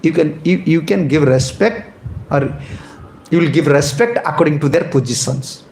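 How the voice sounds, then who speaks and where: A man's voice: on the high side, moderate pace, a little mellow, reverberant, slight background noise, low-quality recording. A man giving a devotional sermon, emphatic and often repeating and restarting phrases. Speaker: monk preacher.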